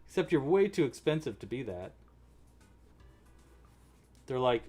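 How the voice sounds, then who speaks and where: Lively chatty male crochet host. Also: mid-range voice, normal speed, pauses often. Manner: chatty, reacts to live chat while crocheting; counts stitches aloud under his breath. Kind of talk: casual live tutorial chat.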